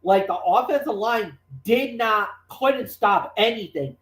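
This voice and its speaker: A man co-hosting a sports talk show, giving his opinions in an emphatic, animated way with frequent restarts. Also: high-pitched, unhurried. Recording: roomy echoey room.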